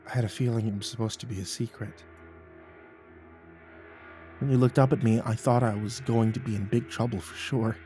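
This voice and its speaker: A man narrating a first-person horror story in a measured, hushed manner, often dropping quiet. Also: lowish voice, steady tone, faint music behind.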